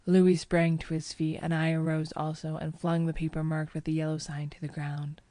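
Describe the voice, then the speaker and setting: A woman reading a first-person audiobook in a measured, even manner. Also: sits low, no room sound. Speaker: audiobook narrator.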